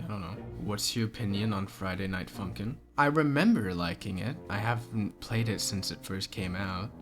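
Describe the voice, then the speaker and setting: Young man, lowish voice, casual Q&A chat, rambling, clear background music. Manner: relaxed, rambling, with filler words. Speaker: channel host answering questions. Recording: music playing underneath.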